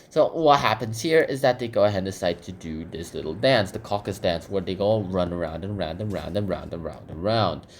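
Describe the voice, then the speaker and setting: A man's voice: deep voice, darkish tone, a little hiss or hum. A man casually summarizing a children's book while sketching, rambling with lots of fillers and repeated phrases. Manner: rambling, filler-heavy, repeats "goes ahead".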